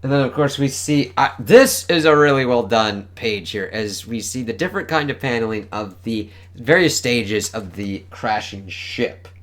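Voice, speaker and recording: A man's voice: mid-range voice, moderate pace, few pauses. A man casually reviewing a comic book, enthusiastic and swearing often as he reads panel dialogue aloud.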